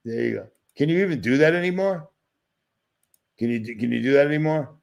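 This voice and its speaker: A man's voice: mid-range voice, animated, fairly quick, creaky, a little mellow. A man from Boston hosting a livestream, talking in a sarcastic, agitated, rambling rant while sharing his screen. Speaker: livestream host. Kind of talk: ranting livestream commentary.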